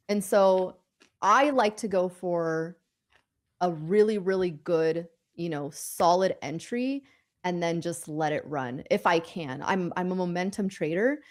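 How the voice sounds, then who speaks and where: A woman with a lowish voice talks through her trading day in a loose, rambling way. She restarts her sentences often and laughs easily, in a casual live-stream chat.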